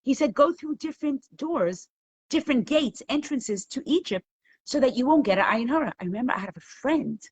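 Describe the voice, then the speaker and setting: A middle-aged woman teaching a live online Torah class, telling stories with animated laughter. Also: high voice, fairly quick, a little hiss or hum.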